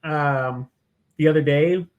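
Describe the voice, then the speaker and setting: A man's voice: on the high side, narrow, tinny audio. Easygoing man co-host. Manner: easygoing, chuckling, halting with fillers. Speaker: podcast co-host, chef. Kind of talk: casual chat.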